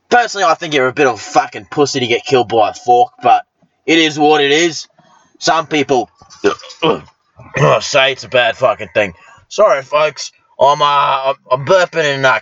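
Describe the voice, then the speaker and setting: A young man hosts a podcast in a sharp, fairly high voice, captured lo-fi with no echo. His crude comedic monologue rambles along with constant swearing and now and then flares into angry rants.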